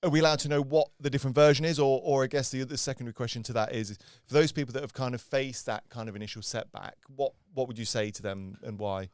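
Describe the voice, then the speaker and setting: A man's voice: medium pitch, smooth, dry recording. Brief: male podcast host, playful and teasing, resonant clean tone, close dry mic. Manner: jokey, teasing, quick to laugh. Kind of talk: casual chat. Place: podcast studio.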